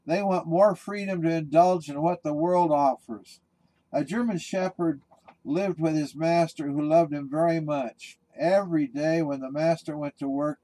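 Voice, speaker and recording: A male pastor delivering a sermon in a relaxed, folksy storytelling way. His voice is warm and mellow, pitched a bit high, with casual restarts. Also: poor audio.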